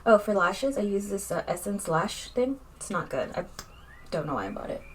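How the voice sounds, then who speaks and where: A woman's voice: medium pitch, very animated, normal speed, a little hiss or hum. A young woman chatting casually in a makeup vlog, rambling and candid, with lots of fillers as she talks. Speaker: vlogger.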